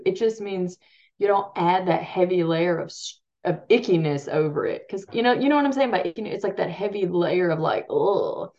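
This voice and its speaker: A woman parenting coach, appearing as a podcast guest, talks casually in an interview in a lowish voice with a dark tone. She rambles, restarts her sentences and laughs at herself, all captured with a dull lo-fi sound.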